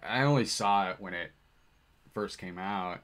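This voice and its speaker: A man's voice: low-pitched, measured pace, fairly bright tone. A man co-hosting a livestream, reading viewer questions and rambling casually with lots of fillers. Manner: rambling, filler-heavy, laughs often.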